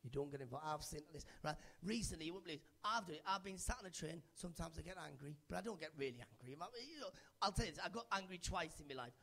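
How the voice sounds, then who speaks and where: A man's voice: on the high side, lively intonation, racing, creaky, few pauses, a bit bright. A man doing a stand-up set on a comedy club stage, chatting and teasing audience members by name into a handheld mic. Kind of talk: stand-up set with crowd work.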